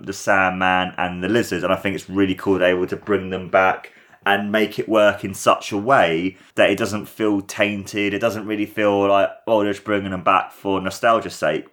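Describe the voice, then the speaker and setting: A man's voice: sits low, fairly bright tone. A man hosting a podcast, giving a casual, enthusiastic and rambling film review with a lot of repeated words. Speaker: podcast host.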